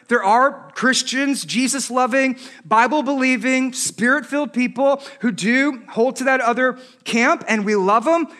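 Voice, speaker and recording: Married guy pastor giving a sermon, really high bright voice, jokey and animated. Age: adult, married. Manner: animated, joking asides, rhetorical questions.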